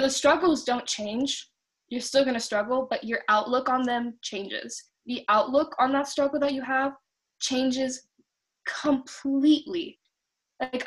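A young woman giving a rambling personal faith testimony on a video call, chatty and quick to laugh. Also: on the high side, fairly bright tone. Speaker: testimony speaker.

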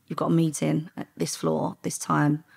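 A middle-aged woman, a former undercover police officer, telling lively stories in a podcast interview and acting out the dialogue. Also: low-pitched, normal speed, vocal fry, husky. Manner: lively anecdotes with quoted dialogue, frequent laughs.

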